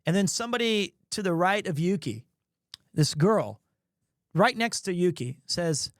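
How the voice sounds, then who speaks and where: A high-voiced man spins a travel story for his stream, animated and self-mocking, swearing casually as he goes. He is right on a close mic in a dry, dead-sounding space. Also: a little slow, no room sound. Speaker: live streamer.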